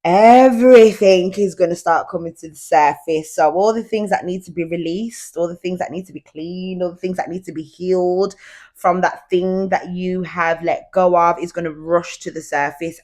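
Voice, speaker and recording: A young woman hosts her podcast from home in a relaxed, chatty way. She speaks in a fairly low voice. She confides in her listeners as if they were friends. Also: normal speed. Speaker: podcast host. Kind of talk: casual solo podcast chat. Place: at home, indoors.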